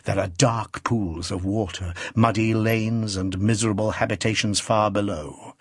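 A man narrating a classic novel as an audiobook, reading in an expressive, theatrical manner. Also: lowish voice, unhurried, breathy edge, no room sound, studio quality.

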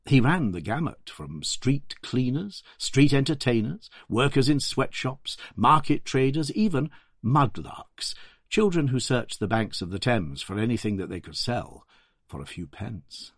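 Lively male documentary narrator. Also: mid-range voice, unhurried, slightly rough, dry recording, studio quality.

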